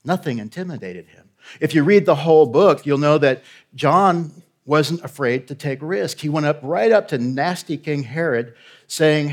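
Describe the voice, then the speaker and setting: A man's voice: fairly high pitch, animated, normal speed. A man preaching a sermon as a guest pastor. He is direct and conversational, often checking in with the congregation as he urges them on. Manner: emphatic, urging.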